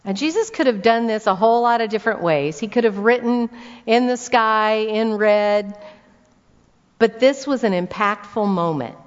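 A woman's voice: on the high side, normal speed, clear, resonant tone. Woman preaching in a reverberant hall. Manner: conversational, asks the audience direct questions. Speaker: women's ministry speaker. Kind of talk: sermon with scripture reading. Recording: dull sound with long hall reverb.

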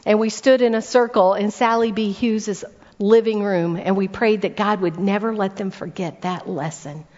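A woman's voice: mid-range voice, fairly even intonation, normal speed, a little mellow. A woman preaching a sermon to a congregation, telling stories, asking the room rhetorical questions and repeating words for emphasis. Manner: storytelling with rhetorical questions to the audience. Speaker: speaker at a church weekend event. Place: church hall before a congregation. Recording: dull recording in a reverberant hall.

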